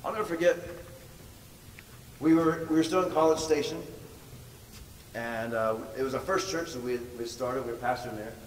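A man's voice: mid-range voice, moderate pace, long pauses. Emphatic man preaching in a hall. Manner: emphatic, repeats words for stress. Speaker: pastor. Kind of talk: storytelling sermon. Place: large church hall. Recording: echoey hall from far off, faint noise.

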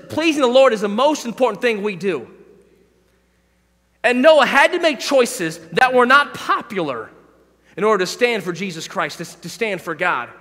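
A man's voice: sits high, sharp tone. A middle-aged male pastor preaching a sermon in a church, moving between conversational asides and impassioned, emphatic exhortations. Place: church sanctuary. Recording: echoey church hall.

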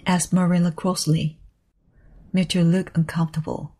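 A woman reading a storybook aloud slowly and carefully for learners. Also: on the low side, steady tone, warm tone, husky. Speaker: reader of a storybook.

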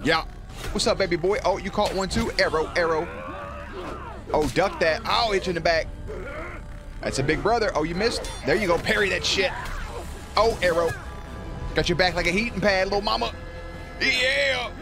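A man's voice: high voice, normal speed, long pauses, over music. A man hosting a reaction video, talking casually and profanely and cheering on the action. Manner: excitable, profane, cheers the screen on.

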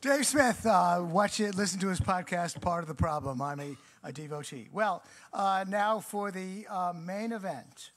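A man acting as moderator, introducing speakers at a live debate with a halting delivery. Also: sits high, lively intonation, a bit bright. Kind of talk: event introduction.

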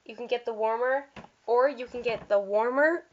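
A woman's voice: fairly high pitch, moderate pace. A woman casually walking through a catalog of holiday items, chatty and gushing, with fillers and little slips. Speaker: vlogger showing catalog items. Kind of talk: casual product walkthrough. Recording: dull lo-fi sound.

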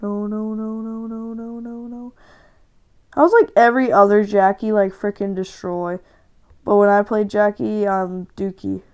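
This gaming channel host narrates her play in real time with excitable commentary, regularly breaking into frustrated rants and shouts. Her voice is mid-range and a little slow.

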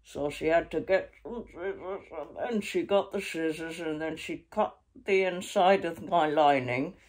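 A woman's voice: deep voice, unhurried, a little mellow. A woman doing ventriloquism, voicing a crude, cheeky male monkey puppet who sulks and swears. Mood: storytelling. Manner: foul-mouthed, sulky, needling.

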